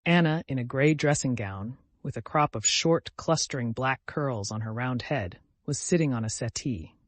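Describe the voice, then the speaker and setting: A man reading an audiobook in a steady, even storytelling manner. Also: mid-range voice, moderate pace, no echo. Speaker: audiobook narrator. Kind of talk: scripted narration.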